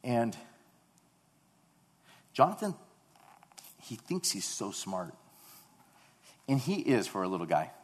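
A man in his thirties preaching a sermon, earnest, rising to loud emphatic peaks and dropping to quiet storytelling. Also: fairly low pitch, big pitch swings, slow, long pauses. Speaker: pastor. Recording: long reverb of a large hall.

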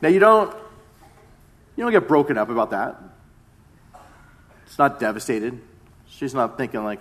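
A man's voice: mid-range voice, very animated, moderate pace, pauses often. Guy in his 30s preaching, talks easy and loose, says things twice. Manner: conversational preaching with repeated phrases. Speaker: pastor. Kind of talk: sermon.

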